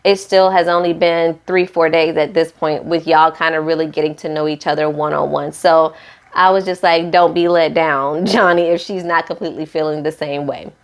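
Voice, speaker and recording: Woman, low-pitched voice, sassy, chatty, reality show recap vlogger. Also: steady tone, moderate pace. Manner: chatty, sassy, quotes people in playful voices. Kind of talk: casual recap commentary.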